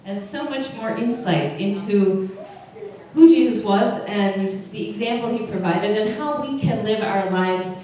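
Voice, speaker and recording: In a church service room so echoey she sounds distant, a woman pastor speaks in a mellow, medium-pitched voice, a little slowly. With her Upper Midwest American accent, she keeps the sermon chatty and conversational, asking the congregation questions.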